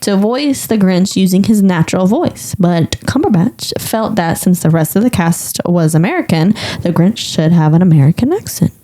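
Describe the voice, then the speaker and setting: Woman, podcast co-host, chatty and musing, lowish mellow voice. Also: animated, moderate pace, few pauses. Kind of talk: casual film chat.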